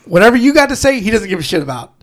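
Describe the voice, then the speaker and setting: A man's voice: sits high, very animated, rapid-fire. A man co-hosting a casual podcast chat, telling rambling, profane stories full of restarts. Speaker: podcast co-host.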